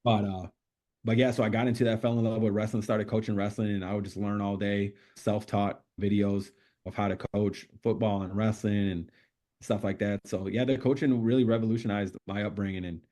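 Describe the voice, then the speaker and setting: A middle-aged man, a podcast guest, telling stories in a casual interview, animated and swearing freely as he acts out what people said. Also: fairly low pitch, brisk.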